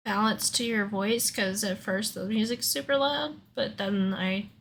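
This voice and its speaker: A woman's voice: mid-range voice, measured pace, creaky, fairly bright tone, slight background noise. A woman hosting a karaoke live stream, chatting casually and laughing often.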